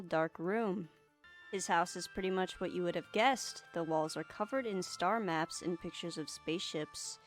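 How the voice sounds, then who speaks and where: Wry woman narrating a game. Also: on the low side. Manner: wry, dry asides. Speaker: let's play host. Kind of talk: reading a visual novel aloud with casual commentary.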